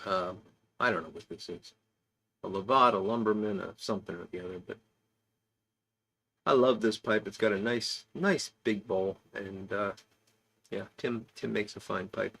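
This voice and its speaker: A man's voice: on the low side, steady tone, moderate pace, vocal fry, long pauses, fairly bright tone. A man hosting a casual online pipe-smoking club, rambling through stories and chuckling as he reads out comments. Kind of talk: casual chat.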